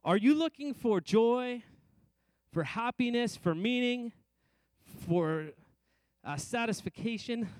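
A middle-aged man preaching a sermon to a congregation, speaking in repeated rhythmic phrases and rising and slowing down on key lines. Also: very high voice, expressive, a little mellow, clean tone, no room sound. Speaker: pastor.

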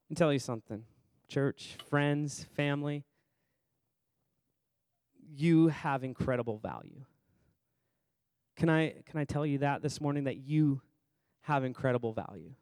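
A man's voice: mid-range voice, measured pace, pauses often, darkish tone, dry recording. A man preaching a sermon as pastor in a church service, chatty and conversational, quizzing the congregation by name and repeating phrases for emphasis.

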